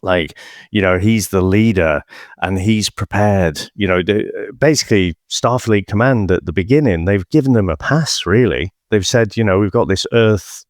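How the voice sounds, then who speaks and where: A man's voice: on the low side, moderate pace, no echo, studio quality. A man co-hosting a film podcast, rambling through his thoughts with lots of hesitant fillers. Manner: rambling, many "you know" fillers and restarts. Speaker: podcast co-host. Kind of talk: casual film-podcast chat.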